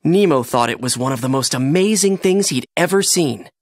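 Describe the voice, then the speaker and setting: Children's storybook narration, animated, varied pitch, dry studio. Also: normal speed, no room sound. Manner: expressive, animated read-aloud.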